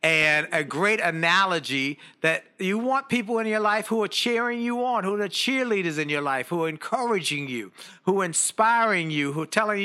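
A man's voice: high voice, lively intonation, brisk, bright, forceful tone. A man hosting an interview, asking questions and echoing the guest's points emphatically. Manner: encouraging, emphatic. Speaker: host.

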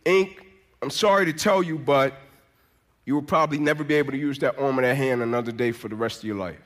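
A man's voice: medium pitch, fast talker, pitched below the performer's own voice, close to an everyday voice. A man voicing a grieving trainer breaking hard news. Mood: sorrowful.

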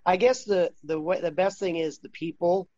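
A man with a notably high voice tells stories in a loose, rambling way, often restarting his sentences. He turns animated when he quotes other people. The recording is dull and dry. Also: normal speed, no echo. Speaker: interview guest. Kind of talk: casual interview chat.

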